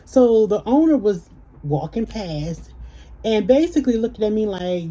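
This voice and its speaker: A woman's voice: medium pitch, animated, a little slow, dark tone, rough recording. A young woman, chatting with viewers in a casual Q&A vlog and telling stories. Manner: chatty, storytelling, addresses viewers as y'all. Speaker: YouTuber.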